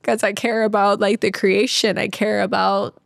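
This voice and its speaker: A woman's voice: medium pitch, level tone, normal speed, gravelly, no room sound. A woman in her thirties, a podcast guest, talking candidly and earnestly about her life, close to tears, with many "like"s. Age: 30s. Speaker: podcast guest, sales trainer. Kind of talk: candid interview talk.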